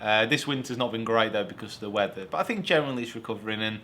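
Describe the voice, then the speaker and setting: Young male co-host, crisp bright tone, easygoing and rambling. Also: lowish voice, rapid-fire, a little hiss or hum. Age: young adult. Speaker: golf coach and show co-host. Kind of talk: casual Q&A chat.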